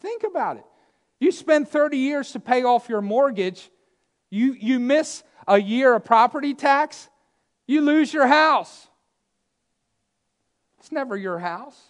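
A man preaching a sermon, emphatic and repetitive, swinging between loud declarations and hushed asides. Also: very high voice.

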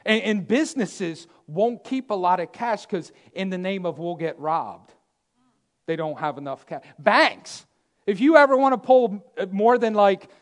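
His voice sits high as he preaches, emphatic and repetitive, moving from loud declarations down to hushed asides and back again.

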